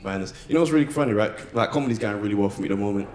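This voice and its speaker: A young man doing a slangy, animated stand-up comedy set. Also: on the low side, very fast, a little hiss or hum. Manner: animated, slangy, swings into loud shouted bits. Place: live comedy venue with audience.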